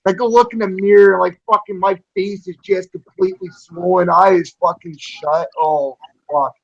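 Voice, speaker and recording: A man's voice: high-pitched, fairly even intonation, moderate pace, muffled recording. A man in casual chat with friends, telling a crude story and laughing along. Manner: laughing, profane, chiming in. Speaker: podcast co-host.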